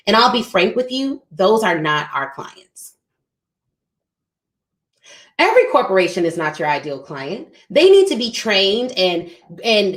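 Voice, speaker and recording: A woman's voice: medium pitch, roomy sound. A woman hosting a show, giving an emphatic motivational talk on business and sales, talking straight to her listeners. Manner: emphatic, preachy, addresses listeners as y'all. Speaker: podcast host.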